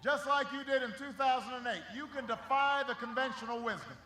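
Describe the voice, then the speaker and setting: Man, campaign rally speech, rousing and shouted, bright tone, faint ambience. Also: very high voice, brisk, roomy sound, slight background noise. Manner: rousing, shouting over a crowd. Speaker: political speaker at a rally. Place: large rally venue.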